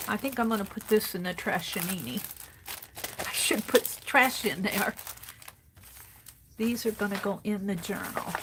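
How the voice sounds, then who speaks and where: Against a noisy background, a woman with a mid-range voice hosts a craft livestream from her home craft desk. She chats casually and thinks aloud while sorting supplies, greeting viewers by name.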